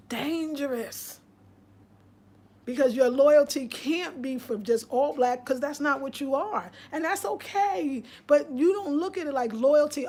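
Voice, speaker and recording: A woman's voice: high voice, animated, unhurried, darkish tone. Outspoken woman host on a live stream. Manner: outspoken, preachy, reads viewer comments aloud. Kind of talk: casual live-stream chat.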